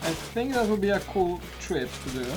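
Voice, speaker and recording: A man's voice: high-pitched, sing-song, over music. A man co-hosting a live build stream, joking and chatting casually. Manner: joking, chatty, quick to laugh. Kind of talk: casual chat while building. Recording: noisy mic with keyboard clicks.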